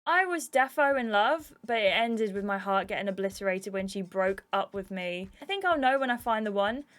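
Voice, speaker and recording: A woman's voice: mid-range voice, lively intonation, normal speed, fairly bright tone, close to an everyday voice. A woman reading as a cheeky goofy young guy.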